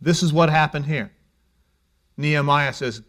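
A middle-aged male pastor preaching a sermon in a conversational way, dropping to a hush and then rising to emphasis. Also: on the high side, lively intonation, measured pace. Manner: conversational preaching, shifts between hushed and emphatic.

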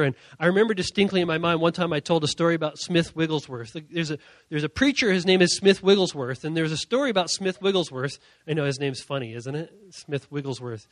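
Animated high-voiced male preacher. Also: no room sound. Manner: animated, swings from quiet asides to shouting. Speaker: youth pastor. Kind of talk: sermon storytelling.

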